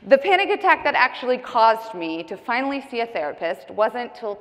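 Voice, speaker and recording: A woman's voice: a little high, a little fast, few pauses. Woman telling a candid story in a hall. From United States. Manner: animated, candid, jokey. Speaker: keynote speaker. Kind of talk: comedic personal storytelling speech. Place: large conference hall stage. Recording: long hall reverb.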